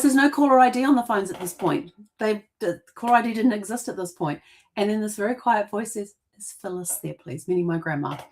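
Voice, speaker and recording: A woman's voice: a little high, a little mellow, a little hiss or hum. A middle-aged woman, hosting a family history show and telling rambling childhood stories with restarts and laughter. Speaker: genealogy podcast host. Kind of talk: casual storytelling monologue.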